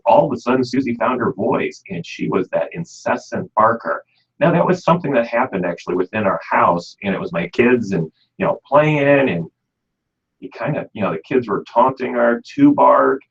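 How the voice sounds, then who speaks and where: A man's voice: mid-range voice, animated, normal speed, creaky, husky. A man with a Midwestern American accent hosting a pet radio show, chatting folksily and leaning on "you know.". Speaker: radio show host, pet store expert. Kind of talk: casual radio talk. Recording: dull lo-fi radio audio.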